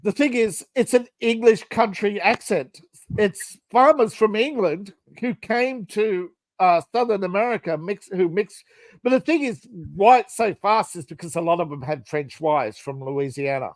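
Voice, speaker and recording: A man's voice: high-pitched, expressive, a little slow, no echo. A man with an Australian accent, co-hosting a podcast in casual chat, blunt and chatty, laughing often. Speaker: podcast co-host.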